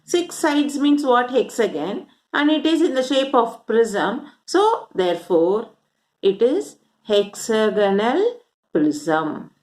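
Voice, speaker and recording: Her voice sits on the high side, very animated yet slow, with a darkish tone. In this classroom maths lesson she explains each step, counts out loud, and asks questions she doesn't expect answered.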